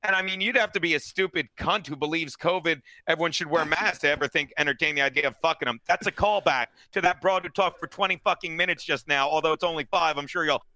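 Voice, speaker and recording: A male comic talks on a podcast in a bright, high voice, heard close and dry. He tells crude stories with lots of swearing, in an animated, mocking way. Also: quick pace, hardly any pauses, no room sound. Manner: profane, animated storytelling. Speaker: stand-up comedian and podcast guest. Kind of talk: casual podcast chat.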